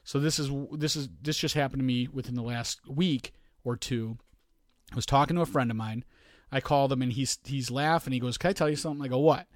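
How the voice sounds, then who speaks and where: A man's voice: medium pitch, fairly quick, no room sound, studio quality. A man co-hosting a podcast in casual chat, rambling through stories and acting out quoted asides. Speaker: podcast co-host.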